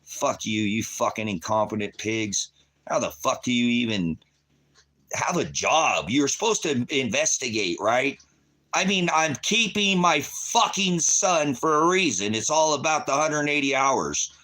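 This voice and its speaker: A middle-aged man giving an angry, profane rant as a vlogger, swearing constantly and breaking into shouts. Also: medium pitch. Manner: furious, swearing, bursts into shouting; mocks others in quoted voices.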